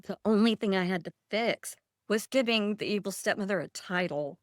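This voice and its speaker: A woman's voice: medium pitch, normal speed, no echo, clean studio sound. A woman author in a casual interview, telling stories in a rambling way and laughing often. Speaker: author guest.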